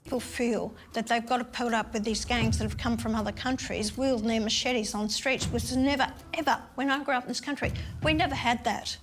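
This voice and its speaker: Woman, senator, TV interview, firm, plain-spoken, higher voice, faint background noise. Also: fairly even intonation, brisk, hardly any pauses. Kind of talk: political TV interview.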